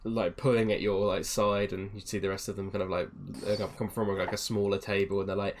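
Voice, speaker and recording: A man's voice: fairly low pitch, flat delivery, fairly quick, slight background noise. A man narrating as game master in a rambling way, full of fillers. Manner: rambling, filler-heavy, laughing.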